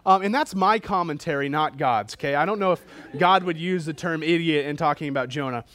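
A male preacher giving a sermon in an animated, colloquial, joking way, often breaking off and restarting his sentences. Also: fairly high pitch, a little fast, few pauses.

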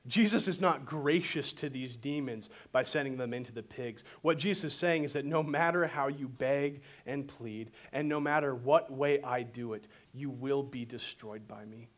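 A man preaching a sermon and telling the story in an animated way. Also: mid-range voice. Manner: animated storytelling, voices quotes dramatically. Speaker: pastor.

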